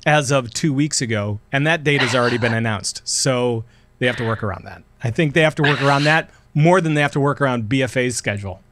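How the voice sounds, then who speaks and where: A man's voice: mid-range voice, fast, dry recording. Rambling man hosting a gaming podcast. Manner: rambling, many restarts and fillers, animated when excited. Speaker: podcast host. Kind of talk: casual podcast chat.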